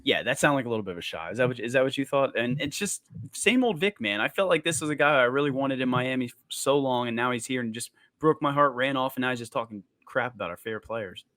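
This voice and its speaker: Man, sports radio co-host, rambling, jokey, quick, dry sound. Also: medium pitch, animated, a bit bright, no echo. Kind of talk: casual sports talk.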